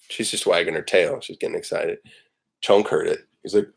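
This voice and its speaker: Low, gravelly, and husky yet a bit bright, this man's voice has lively intonation and a normal speed. He hosts a casual morning livestream from home, rambling and joking with lots of ums and uhs.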